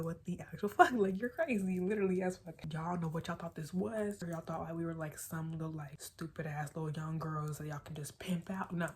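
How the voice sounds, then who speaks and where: A young woman telling a storytime tale casually, animated and dramatic, with plenty of swearing. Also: low voice, a little hiss or hum. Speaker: vlogger.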